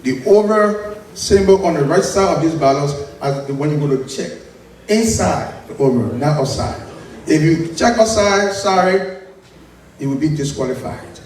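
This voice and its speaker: A man's voice: fairly high pitch, lively intonation, moderate pace, darkish tone. A man, firmly repeating instructions as an election commissioner at a convention meeting. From Liberia. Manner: firm, repetitive, giving instructions. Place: large convention hall. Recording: very echoey hall, far from the mic.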